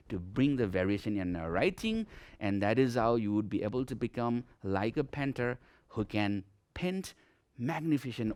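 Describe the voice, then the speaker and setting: A man's voice: on the low side, no room sound. A man teaching a televised English grammar lesson, emphatic and often checking in with "okay?". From Nepal. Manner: emphatic, repeats "okay?" often, lively classroom delivery.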